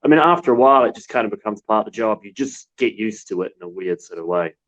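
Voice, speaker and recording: A man from New Zealand, a war correspondent, telling stories in a relaxed, halting way. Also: on the low side, rough recording. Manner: relaxed storytelling with many restarts. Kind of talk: casual remote interview.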